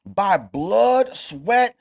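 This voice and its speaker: A podcast host from the United States argues hard in a heated debate, pushing his points with profane, emphatic bursts and swelling force on each line. His voice is high for a man, a little mellow, with vocal fry and lively intonation, delivered extremely slowly.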